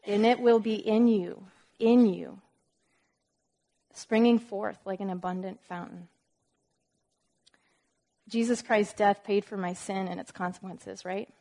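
A woman leading an informal Bible lesson at a medium pitch. She reads verses aloud with added weight, then breaks into chatty explanations and asides. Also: fairly even intonation, a little slow, long pauses, mellow. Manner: reads scripture aloud with emphasis. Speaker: Bible teacher.

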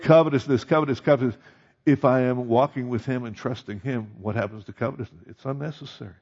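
A man's voice: mid-range voice, fast talker, a little mellow, highs cut off. A male pastor preaching a conversational sermon, rising to emphatic peaks on key points.

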